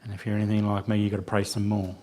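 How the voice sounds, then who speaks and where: A man's voice: lowish voice, completely flat delivery, racing, darkish tone. A man giving a church sermon as a lay preacher, telling a self-deprecating personal story with quoted dialogue. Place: church sanctuary.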